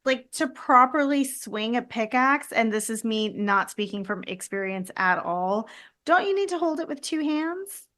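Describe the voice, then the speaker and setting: A woman co-hosting a podcast, chatting casually about a horror movie, quick to agree and joke along. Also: fairly high pitch, expressive, a bit bright. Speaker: podcast co-host. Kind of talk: casual movie commentary chat.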